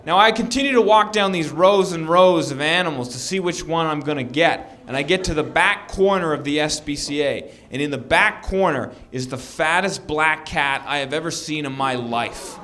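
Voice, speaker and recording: Bright-voiced man doing stand-up. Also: on the high side, normal speed, few pauses. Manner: animated storytelling, acts out shouting characters. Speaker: stand-up comedian. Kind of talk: stand-up comedy set.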